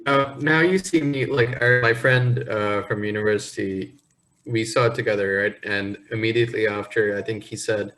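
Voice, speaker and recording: A man co-hosting a podcast, telling rambling stories in a casual, animated way. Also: on the low side, moderate pace, low-quality recording. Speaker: podcast co-host. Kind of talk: casual chat.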